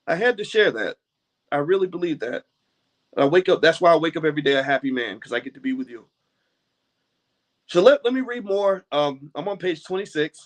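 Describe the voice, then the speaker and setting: American male host, high voice, animated motivational talk with laughs. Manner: animated, preachy, laughs often, swears casually. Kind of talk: motivational talk and book reading.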